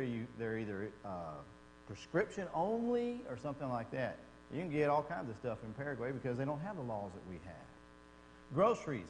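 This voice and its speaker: A man teaching a Bible class in a conversational, animated way, acting out quotes as he explains. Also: medium pitch. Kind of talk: church class lecture. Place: church classroom. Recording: long reverb in a church hall, faint hum.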